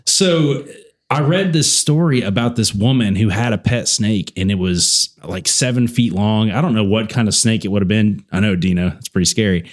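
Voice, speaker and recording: A man's voice: on the low side, moderate pace. Laughing, chatty male podcast host. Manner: animated storyteller, laughs often mid-sentence. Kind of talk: casual chat.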